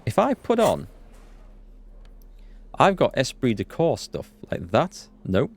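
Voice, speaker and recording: A man hosting a let's play, reading the game's dialogue aloud with quick asides to viewers. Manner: reads dialogue aloud with quick asides, jumps in pitch when excited. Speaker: gaming channel host.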